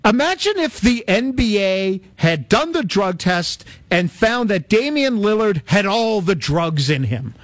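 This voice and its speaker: A man's voice: high-pitched, very animated, unhurried, hardly any pauses, no room sound. A man hosting a sports talk show, bantering sarcastically with a co-host.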